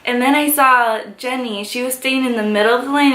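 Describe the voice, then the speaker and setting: A woman vlogger telling a story in excited, gushing chatter full of fillers. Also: high voice, fairly quick, slight background noise. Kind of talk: casual story time. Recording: echoey room.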